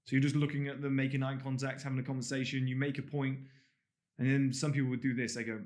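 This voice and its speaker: A man's voice: medium pitch, fairly even intonation, quick pace. A man with a posh English accent, originally from the English countryside, coaching a course on camera in a blunt, emphatic way and swearing freely. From England (Gloucestershire). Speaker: dating and body language coach. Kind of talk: direct-to-camera course talk.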